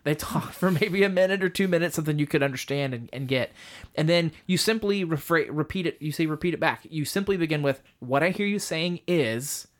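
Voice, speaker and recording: A man's voice: on the high side, fast talker. Man explaining step by step on a podcast. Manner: explains step by step, self-deprecating humor. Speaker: marriage communication teacher. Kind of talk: casual podcast teaching.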